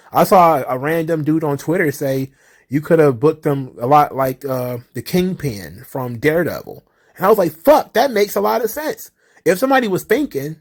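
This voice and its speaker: A man hosting his own wrestling commentary channel, giving blunt, profane opinions in a casual talking style. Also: a little high. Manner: blunt and profane, mocking acted-out exchanges.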